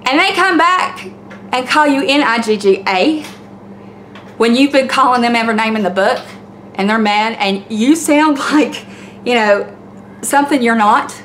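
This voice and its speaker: A woman's voice: a little high, animated, normal speed, fairly bright tone, slight background noise. A middle-aged woman with a Southern accent, ranting blunt commentary in a home vlog, preachy and fired up, with some cursing. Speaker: YouTube commentator. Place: home, by the laundry.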